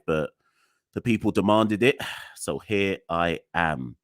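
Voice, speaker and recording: Weary man with a deep voice. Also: lively intonation, slow, no room sound, studio quality. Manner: weary, exasperated, sighing and laughing wryly. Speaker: podcast host. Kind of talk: live solo podcast rant.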